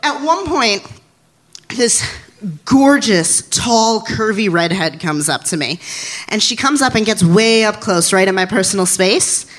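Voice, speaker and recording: Bright, animated young storyteller on stage. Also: medium pitch, a little slow. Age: 20s. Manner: animated, giggly, self-deprecating. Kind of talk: live comedic storytelling. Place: stage before a live audience.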